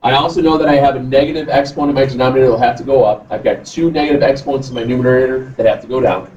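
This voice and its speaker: A man's voice: mid-range voice, steady tone, very fast, a little mellow. A man teaching a math review, heard from across an echoey classroom. He asks his students questions and answers them in a casual, conversational way. The sound is muffled, with a faint hum of room noise. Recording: distant, echoey, dull classroom recording.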